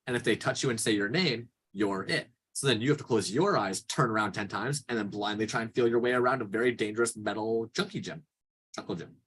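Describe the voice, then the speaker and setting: A man in his thirties from Canada, chatting casually on a podcast and telling animated, swear-laced stories. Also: lowish voice, brisk, husky. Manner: animated storyteller, swears freely. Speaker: podcast guest. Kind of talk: casual chat.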